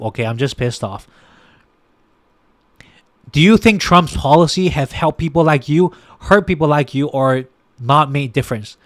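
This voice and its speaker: A man's voice: on the high side, a bit bright, no echo, clean studio sound. A young man giving casual political commentary on a podcast, exasperated and ranting at his listeners, with many restarts and fillers.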